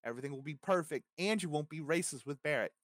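A man co-hosting a casual gaming podcast, animated and rambling, swearing freely with lots of fillers. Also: on the high side, fast, no echo, studio quality. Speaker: podcast co-host.

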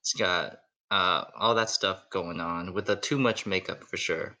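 A man's voice: low-pitched, fairly even intonation, measured pace, pushed and bright. A man narrating a tabletop role-playing game as its game master, loose and casual with lots of fillers.

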